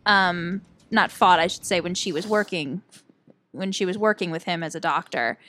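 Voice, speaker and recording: A woman co-hosting a podcast, chatting casually over gameplay in an animated way and laughing often. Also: fairly low pitch, normal speed. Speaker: podcast co-host.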